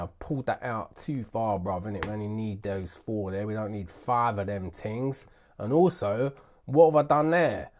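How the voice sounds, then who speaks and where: Brief: British man, slangy and jokey, tutorial patter, mutters grumbles under his breath. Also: medium pitch. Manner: slangy and jokey, "bruv" after nearly every sentence. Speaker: music production tutor. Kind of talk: casual screen-recorded tutorial.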